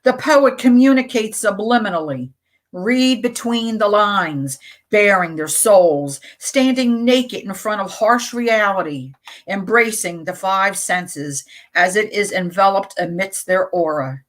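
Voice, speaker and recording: Her voice expressive and medium in pitch, the middle-aged host of a community radio program reads poetry at a careful, unhurried pace, chatting informally in between pieces.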